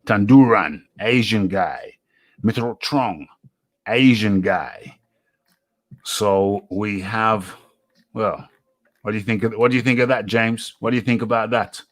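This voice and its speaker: Host: man, low unhurried voice, thinking aloud with lots of ums, dry close sound. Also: dry recording. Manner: musing aloud, many fillers and pauses. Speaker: boxing radio host. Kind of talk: casual solo commentary.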